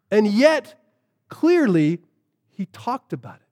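A man preaching a sermon as a pastor, shifting from lively storytelling to hushed, earnest emphasis. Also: high-pitched, a little slow.

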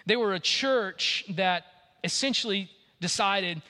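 Man, pastor preaching, high voice, animated, acts out quoted voices, long hall reverb. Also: measured pace. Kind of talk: sermon.

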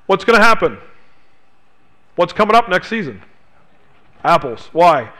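This pastor's sermon comes in a sing-song, bright and ringing voice that is high for a man, at a measured pace with long pauses. He preaches with emphasis and peppers listeners with rhetorical questions, going hushed and low on important phrases.

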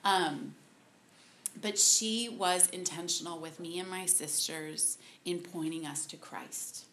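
Woman sharing a testimony at a ministry gathering; slow, halting delivery, bright tone, gets emotional. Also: lowish voice, slight background noise. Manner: halting, many ums, softly emotional. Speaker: speaker at a women's ministry talk. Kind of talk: personal testimony talk.

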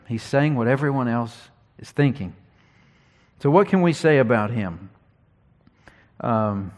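A man preaching an expository sermon, teaching earnestly and reading scripture slowly with emphasis. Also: on the low side.

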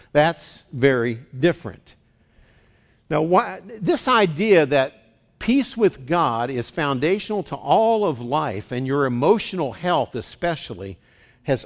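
A pastor preaching a sermon in church in a conversational way, asking the congregation questions. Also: male voice, mid-range voice.

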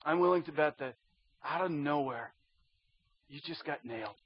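A man preaching a sermon as a pastor, dropping to a hush and rising to loud pleading. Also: fairly high pitch, normal speed, breathy edge, no room sound, muffled recording. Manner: swings from hushed to loud pleading.

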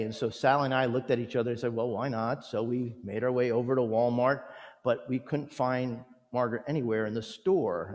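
A man preaching a sermon as a pastor, gentle and earnest, telling stories and leading prayer. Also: medium pitch. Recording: long hall reverb.

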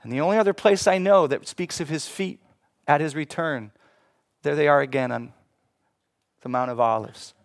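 A male pastor preaching with a fairly high voice. He drops to hushed, slow passages, then builds to loud, emphatic ones. The sound is close and dry. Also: dry recording. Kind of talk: sermon.

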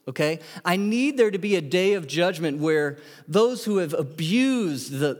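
A man in his thirties preaching a sermon as pastor, conversational and animated, with asides and acted-out quotes. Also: high-pitched. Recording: echoey hall.

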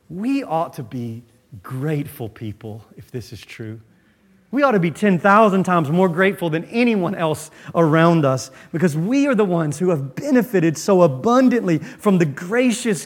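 Male pastor, slightly raised pitch; emphatic sermon delivery, dramatic pauses, dips to near-whisper. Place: church.

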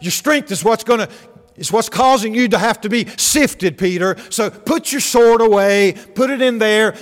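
A man preaching voices Jesus as a firm man rebuking his follower, speaking slowly and forcefully with raised declamation. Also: high-pitched, in a large hall, pitched above the performer's own voice, natural voice.

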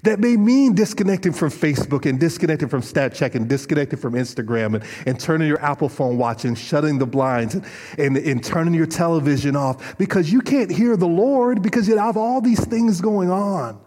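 Husky-voiced man preaching in a reverberant hall. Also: a little high, fairly quick. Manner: animated storytelling with frequent restarts. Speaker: pastor. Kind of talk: sermon. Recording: long reverb of a large hall.

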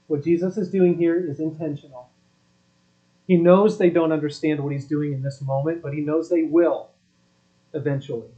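A man's voice: a little high, darkish tone. A man preaching a sermon as pastor, speaking emphatically and asking his listeners rhetorical questions. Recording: dull lo-fi recording.

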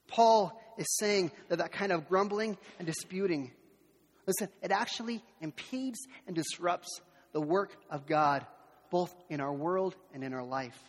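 A man preaching a sermon as pastor, animated, who acts out the voices of complainers. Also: high voice, measured pace, long reverb tail.

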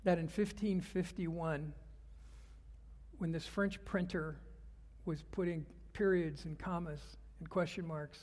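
A man preaching a sermon as a pastor, earnest, dropping to hushed whispers and rising to loud fervor. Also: a little high. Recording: long hall reverb.

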